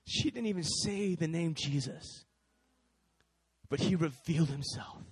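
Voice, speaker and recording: A man's voice: a little high, a little slow, slightly rough, dry recording. A man preaching a sermon, telling a story and acting out each person in it. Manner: animated, acts out every character.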